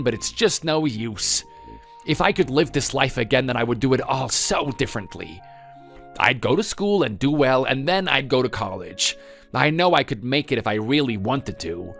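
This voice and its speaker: A man's voice: mid-range voice, fairly bright tone. A man playing a bitter, drunk adult son who blames his mother for his failures in an accusing, self-pitying way. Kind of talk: dramatized family story reading.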